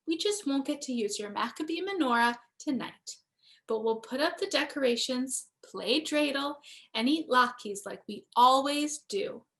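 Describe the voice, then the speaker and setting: A woman voicing a calm, soothing father in a bedtime story. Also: sits high, unhurried, exaggerated voice. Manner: soft, comforting.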